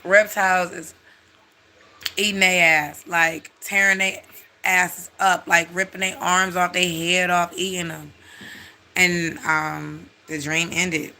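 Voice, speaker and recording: Bright-voiced casual storyteller. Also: mid-range voice, slow, slight background noise. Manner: animated, blunt, swears freely.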